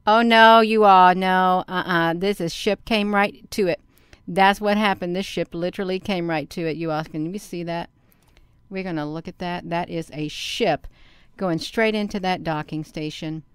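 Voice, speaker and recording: A woman hosting a casual screen-share video, talking to herself by name and to her viewers, and breaking into loud excited exclamations. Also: fairly low pitch, moderate pace, clear, resonant tone, no echo. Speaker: channel host.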